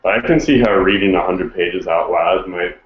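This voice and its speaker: A male host asks relaxed questions in a casual interview. His voice is very deep. The recording is roomy and dull. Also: normal speed. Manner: relaxed, asks questions, gives short backchannel replies.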